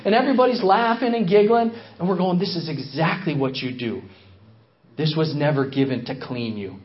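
A man preaches a story in a sermon and acts out the quotes he tells. His voice sits high and swings widely in pitch. He repeats phrases for emphasis, and the recording sounds dull and lo-fi. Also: animated, fairly quick. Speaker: missionary speaker.

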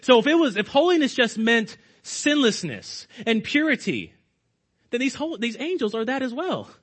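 High-voiced man preaching emphatically. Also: big pitch swings, normal speed, husky. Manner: emphatic preaching, addressing listeners as saints, trailing off low. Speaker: pastor. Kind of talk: sermon.

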